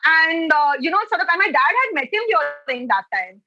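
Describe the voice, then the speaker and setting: Young woman guest on a call, high bright voice, chatty, swears a bit. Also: very animated, brisk, dry recording, dull audio. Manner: chatty, storytelling, swears casually. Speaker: guest, comedian. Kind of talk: casual podcast chat. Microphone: remote call.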